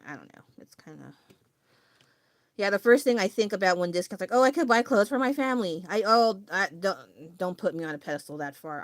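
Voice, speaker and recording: A woman's voice: on the low side, a bit bright, no echo, clean studio sound. A woman chatting casually on a drawing livestream, rambling and restarting her sentences and laughing often. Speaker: art streamer.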